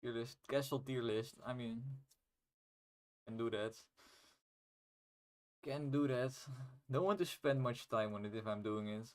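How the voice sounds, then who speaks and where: On his stream, a young non-native English speaker tries out a game he developed independently, chatting casually with the odd curse. He speaks a little slowly at a medium pitch, leaving long pauses.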